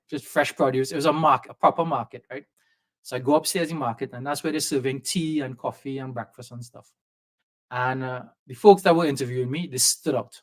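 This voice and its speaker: A man from Trinidad with a softened Trinidadian accent, telling a lively personal story as a podcast guest and acting out the voices of people he quotes. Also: fairly high pitch. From Trinidad and Tobago. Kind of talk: storytelling in a conversation. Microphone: video call setup.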